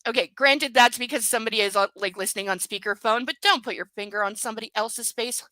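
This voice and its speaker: A woman's voice: on the high side, quick pace, bright, forceful tone, no room sound, rough recording. A woman doing a live book reading, breaking off into sarcastic, exasperated commentary with swearing. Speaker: reader and commentator.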